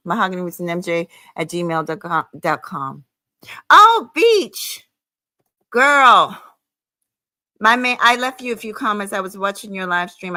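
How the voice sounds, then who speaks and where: Profane, confrontational woman with a bright, tense voice. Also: mid-range voice, dry recording. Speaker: livestream host. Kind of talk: angry livestream rant.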